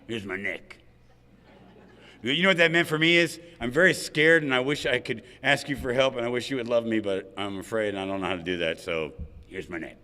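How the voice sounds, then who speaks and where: Guy telling his recovery story, bright voice, joking asides, echo of a big hall. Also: mid-range voice, fast talker. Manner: candid, humorous storytelling with asides to the audience. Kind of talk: personal recovery talk at a roundup. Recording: hall reverb.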